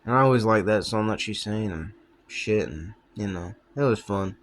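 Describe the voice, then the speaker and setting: Young guy with a lowish voice just rambling to the camera, loose and wandering, lots of "man" and "you know". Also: moderate pace. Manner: rambling, trails off, frequent swearing and fillers. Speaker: vlogger. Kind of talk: casual rambling monologue.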